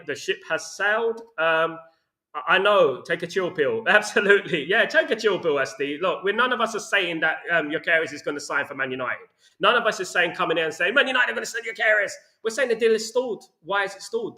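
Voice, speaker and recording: A man's voice: sits high, sharp tone. A man hosting a casual football fan chat, reading out comments and ranting with lots of "you know what I mean". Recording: echoey room.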